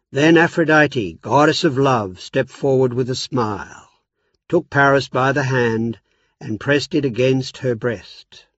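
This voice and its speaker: A man reads a storybook chapter at an unhurried pace, his mid-range voice steady and even. The recording is dry and close, with a slightly dull, muffled tone. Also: mid-range voice, dry recording. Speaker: narrator. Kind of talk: audiobook narration.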